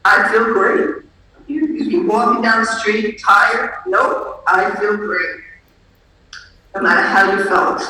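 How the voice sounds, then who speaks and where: A woman's voice: mid-range voice, pushed and bright. A woman giving a eulogy for her father, emotional and struggling to get through it, often speaking straight to him. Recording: echoey room, distant mic, faint noise.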